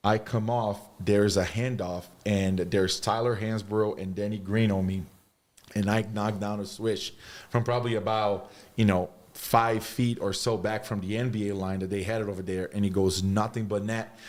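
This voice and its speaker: A man's voice: fairly low pitch, steady tone, normal speed, a little mellow. A man who is a former basketball player and TV analyst, telling stories as a guest on a sports podcast. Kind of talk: casual podcast chat, storytelling.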